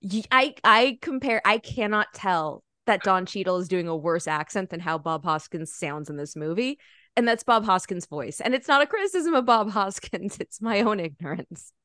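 An American woman in a loose podcast chat, her mid-pitched voice recorded close and dry with almost no room sound. She talks in bursts, stumbling and restarting, piling on fillers as her thoughts catch up. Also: expressive, normal speed, pushed and bright, no room sound. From United States. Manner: chatty, hesitant, many restarts and fillers. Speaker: podcast co-host or guest. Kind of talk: casual film discussion.

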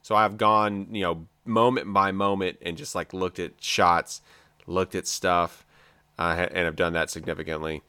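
A man with a bright, forceful voice, crisp and clear, riffs excitedly through a casual trailer chat. He is from the US South and jokes a lot, leaning on fillers. The sound is dry and close, with no room around him. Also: deep voice, moderate pace, no echo. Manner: excitable, joking, lots of fillers. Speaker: podcast co-host.

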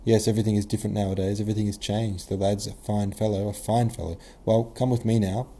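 A man voicing a gruff, imperious old male prince in a novel reading, blunt and commanding. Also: fairly low pitch, flat delivery, quick pace, warm tone, slight background noise, lightly acted. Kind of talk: audiobook character reading.

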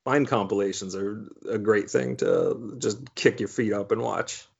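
A man's voice: on the low side, a little slow, creaky, lo-fi sound, crowd noise. A man joking around in casual podcast chat, with wry asides and the odd swear. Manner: jokey, wry asides, profanity.

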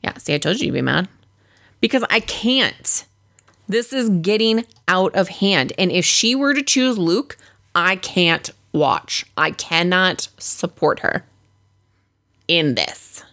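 A woman co-hosting a casual podcast, talking about reality TV in an animated, exasperated way and swearing freely. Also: on the low side, slow. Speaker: podcast co-host. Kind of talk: casual reality-TV recap chat.

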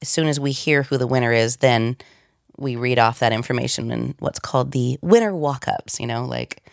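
Woman, low pitch, slightly congested from a cold, lively storyteller, dry close sound. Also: normal speed, creaky, no echo. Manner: animated storyteller, laughs often. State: has a cold. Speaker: voice actor guest. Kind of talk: casual interview chat.

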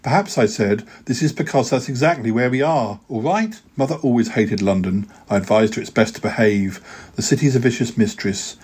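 A man's voice: medium pitch, expressive, fairly quick, a little mellow, husky. A podcast host reading his own rhyming poems aloud in a rhythmic, sing-song way, with hesitant fillers when chatting.

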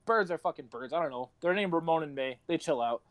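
High-voiced rambling young man. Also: animated, quick pace, no room sound. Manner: rambling, swearing, laughing storyteller. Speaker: podcast host. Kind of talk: casual podcast chat.

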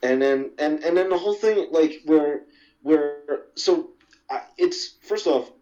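A man's voice: on the high side, expressive, unhurried, warm tone, lo-fi sound, faint music behind. A man hosting a casual movie-talk podcast, rambling and profane, often laughing. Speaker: podcast host.

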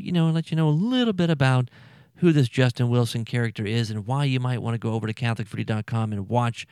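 Man hosting a food podcast, chatty and halting, dry close sound. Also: mid-range voice, gravelly, a little mellow, no echo. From Louisiana. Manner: chatty, repeats himself, lots of fillers and stammers. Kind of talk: casual podcast talk.

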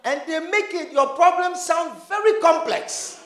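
A man preaching a sermon to a congregation, animated, acting out dialogue and breaking into shouts and laughter. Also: extremely high pitch, measured pace, few pauses. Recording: roomy echo.

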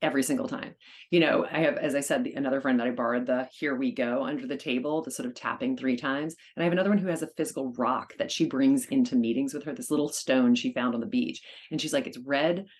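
A woman guest on an interview podcast, a charity auctioneer talking in an upbeat, energetic way. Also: rumbling low, fast talker. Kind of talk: casual conversational interview.

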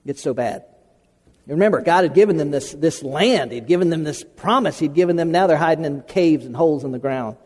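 A man's voice: a little high, animated, brisk, darkish tone, long reverb tail. An American man preaching a sermon in a folksy, conversational way, repeating phrases for emphasis. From United States. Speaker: pastor.

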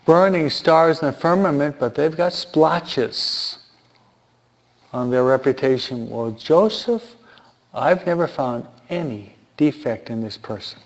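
A man with a higher-pitched voice takes his time delivering informal Bible teaching, posing rhetorical questions to listeners and repeating key points for emphasis. The lo-fi recording sounds dull.

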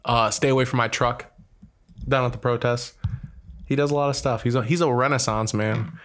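A man's voice: medium pitch, steady tone, moderate pace, fairly bright tone. A young man co-hosting a podcast, chatting casually and slipping in dry puns and wordplay. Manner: dry punning jokester. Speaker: podcast co-host. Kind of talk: casual chat.

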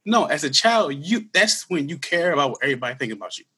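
A man in his thirties telling his personal story in an interview, earnest and candid, with halting restarts. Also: fairly high pitch, sing-song, bright, forceful tone, slightly rough. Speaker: guest; school security worker.

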